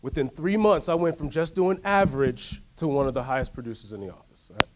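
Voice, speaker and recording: A man giving a motivational workshop talk, telling a story in an animated way and asking the audience to join in. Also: mid-range voice, a little fast, background noise. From United States. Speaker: workshop speaker. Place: workshop room.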